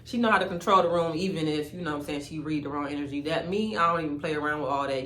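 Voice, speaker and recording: A woman's voice: deep voice, very fast, few pauses, a bit bright, slight background noise. A woman vlogger telling a story in a candid, slangy and emphatic way, chatting casually beside a fire. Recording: roomy echo.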